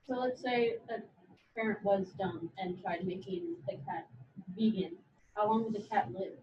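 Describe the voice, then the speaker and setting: A woman's voice: medium pitch, moderate pace, warm tone. A woman student asking casual, blunt questions in a classroom, heard distant and muffled in an echoey room. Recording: dull, distant, echoey classroom with faint noise.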